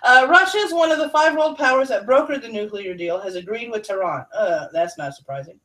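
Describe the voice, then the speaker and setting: A woman's voice: a little high, expressive, brisk, bright, forceful tone. A woman hosting a casual news livestream, reading articles aloud with sarcastic asides and answering chat. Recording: voice a bit far from the mic.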